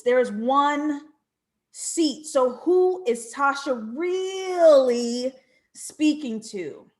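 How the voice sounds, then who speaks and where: American woman, TV reviewer, fairly high voice, expressive, reflective, playful asides. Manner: reflective and questioning. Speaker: TV show reviewer. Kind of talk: animated video review commentary.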